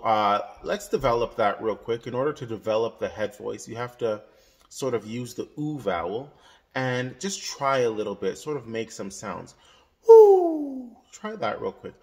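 A man teaching a singing lesson as a voice coach, explaining exercises and demonstrating vowels. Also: medium pitch. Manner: instructive, demonstrating sung vowels and yodels.

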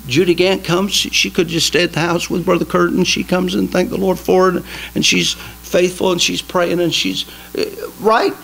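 A man preaching a sermon in a small church, emphatic and folksy, swinging between loud exhortation and quiet asides. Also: sits high, flat delivery, normal speed, gravelly, poor audio. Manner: folksy, jokes with the congregation. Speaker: pastor.

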